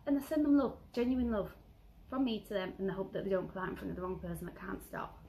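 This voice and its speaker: A woman vlogger giving earnest self-help advice, stressing and repeating key phrases and sometimes dropping to a soft whisper. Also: medium pitch, quick pace, vocal fry, background noise. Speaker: lifestyle vlogger. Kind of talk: motivational self-help talk.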